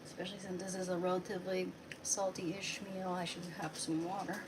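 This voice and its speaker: Woman rambling on a home livestream, cooking, chatting to her dogs, loud noise behind. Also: on the low side, flat delivery, a little fast. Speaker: livestream host. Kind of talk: casual livestream chat while cooking.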